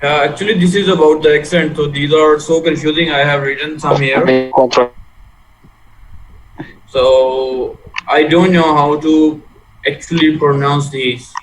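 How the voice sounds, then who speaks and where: A man's voice: fairly high pitch, fairly even intonation, measured pace, long pauses, over music, rough recording. A man taking part as a student in an online class, asking questions hesitantly over a video call. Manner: hesitant, starts with fillers.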